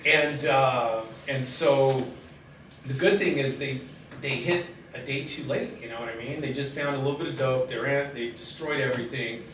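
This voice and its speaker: A middle-aged man telling his own life story in a halting, candid way, with many pauses and fillers. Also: mid-range voice. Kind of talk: personal storytelling in conversation. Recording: very echoey room, distant mic, steady background noise.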